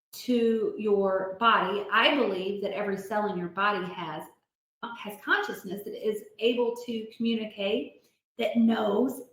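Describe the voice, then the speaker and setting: A woman leading an online support group, chatty and encouraging, reading out comments and explaining self-help tools. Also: medium pitch. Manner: chatty, encouraging, many restarts and fillers. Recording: very echoey room.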